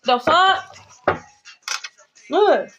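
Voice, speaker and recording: A woman giving a spiritual tarot reading to her viewers, blunt and profane, swinging between calm reassurance and heated calling-out. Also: extremely high pitch, extremely slow, lo-fi sound, noisy background. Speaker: tarot reader. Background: background music.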